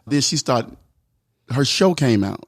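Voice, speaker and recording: A man's voice: medium pitch, lively intonation, takes it slowly, no room sound, studio quality. A man who is a makeup artist and guest, chatting playfully and telling stories. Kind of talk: casual chat.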